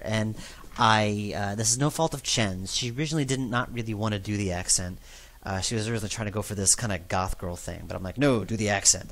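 A man on a game commentary track recounting how a role was cast, telling it in a lively, anecdotal way. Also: fairly low pitch. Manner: lively storytelling, loudness swings up and down. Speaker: game director giving commentary.

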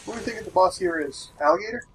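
A man's voice: high voice, quick pace, a little hiss or hum, rough recording. A man joking along during casual video game commentary. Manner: lively, joking. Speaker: let's play co-commentator.

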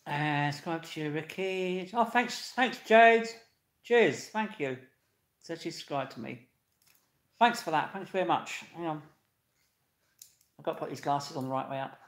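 A man hosting a live stream, chatting and laughing as he reads out viewers' comments and greets them loudly. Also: a little high, measured pace, pauses often. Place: echoey indoor room. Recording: echoey room.

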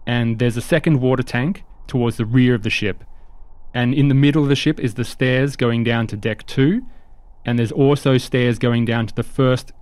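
A man's voice: medium pitch, steady tone, moderate pace, a little mellow, clear, resonant tone, no echo. Man, game master, chatty narration, casual, dry sound.

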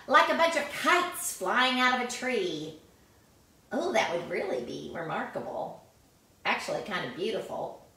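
A woman reading a picture book aloud in an animated, exclamatory way, chatting about the pictures as she goes. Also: a little high, measured pace. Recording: echoey room, mic at a distance.

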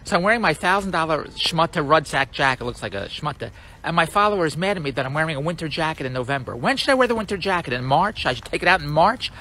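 This older hustler has a bright voice and talks fast, with slight background noise behind him. A social media entrepreneur, he wanders a shopping mall and the streets recording a casual selfie vlog monologue, boasting in an excitable sales pitch, repeating himself and laughing at his own jokes.

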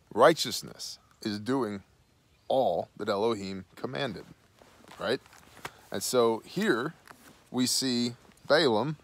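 A man's voice: medium pitch, no echo. A man hosting a Bible study, reading scripture aloud and then dropping into slangy, casual asides.

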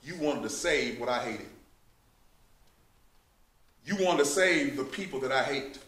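A man's voice: mid-range voice, expressive, unhurried, long pauses, fairly bright tone. A man teaching a Bible study, speaking in an emphatic, fervent preaching manner. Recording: echoey room, mic at a distance.

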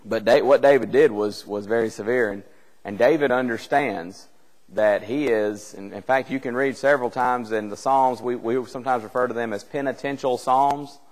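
A man's voice: medium pitch, normal speed. A male preacher giving a conversational Bible class, retelling a scripture story with rhetorical questions and reading old-style scripture aloud. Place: church hall. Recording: long church hall reverb.

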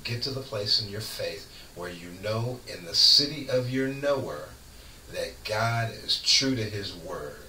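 A man who is a guest on a radio show, preaching in casual chat with fervent, lively storytelling. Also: on the low side, measured pace. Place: radio studio. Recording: echoey room, far from mic, faint noise.

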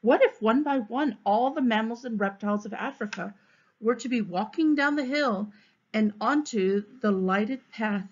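A woman, a third-grade teacher, reading a storybook aloud to her class in a measured way. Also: on the high side. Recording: dull, muffled recording.

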